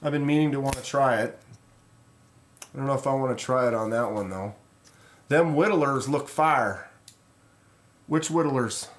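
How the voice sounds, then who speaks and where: A man hosting a casual live stream, rambling in a relaxed way and reading viewer comments aloud. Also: medium pitch, normal speed, pauses often. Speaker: knife channel host.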